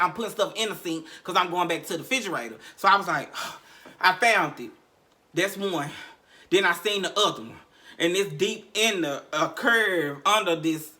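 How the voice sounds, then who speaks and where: Bright-voiced man telling a raw story. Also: sits high. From Memphis, Tennessee. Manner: profane, repetitive, heavy sighs, emotional recounting. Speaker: podcast host. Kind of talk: candid storytelling monologue.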